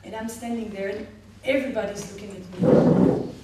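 A woman medical clown with an Israeli accent telling a personal story to a panel audience, animated, with frequent laughter and halting restarts. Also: medium pitch. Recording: echoey hall, distant mic, audience noise.

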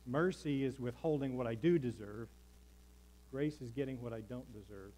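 A man preaching from the pulpit of a church. He is emphatic and rhythmic and leans on repeated lines. He calls out to the congregation for an answer. His voice sits at an ordinary middle pitch for a man. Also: moderate pace, mellow, slight background noise, low-quality recording. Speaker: pastor. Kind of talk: sermon. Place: church sanctuary.

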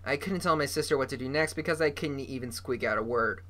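A reader narrating a children's novel aloud, lively and voicing the characters. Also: mid-range voice, fast, faint music behind.

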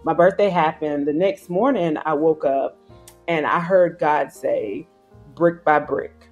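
A woman, telling an animated story as an interview guest and acting out other people's voices. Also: low voice, unhurried, lo-fi sound, faint music behind. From South Carolina, US. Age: 30s. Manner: acts out quoted voices, slangy and emphatic. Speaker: guest filmmaker. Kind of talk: animated storytelling in casual chat.

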